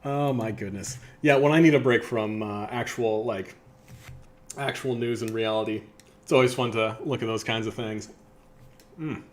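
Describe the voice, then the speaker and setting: A man in his thirties talks through a casual lunch livestream, mid-pitched and easygoing. He reads satire aloud, stumbling over words with plenty of ums and uhs and laughing at the jokes. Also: moderate pace. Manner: chatty, many fillers, laughs at what he reads. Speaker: livestream host.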